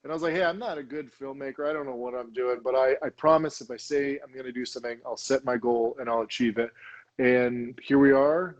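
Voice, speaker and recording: A man's voice: medium pitch, dull audio. A young adult man from Los Angeles, telling stories as a guest and acting out quoted lines. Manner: animated storyteller, acts out quoted lines. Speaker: guest, documentary filmmaker. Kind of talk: casual interview.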